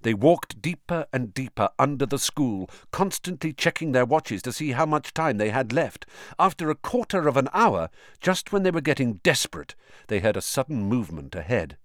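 Brief: expressive male audiobook narrator, low and animated, dry booth sound. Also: moderate pace, dry recording. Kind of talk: scripted narration.

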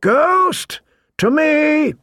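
A man's voice: medium pitch, expressive, measured pace, vocal fry, darkish tone, husky, no room sound, full character voice. A man voicing a brooding young deserter in an audiobook, speaking plainly and earnestly, close to his own voice. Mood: calling out.

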